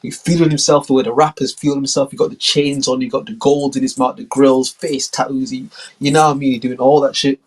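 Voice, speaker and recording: A man's voice: medium pitch, little pitch movement, brisk, slightly rough, poor audio. A man hosting a podcast, telling a story in a loose, slangy, rambling way. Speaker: podcast host. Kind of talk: casual storytelling.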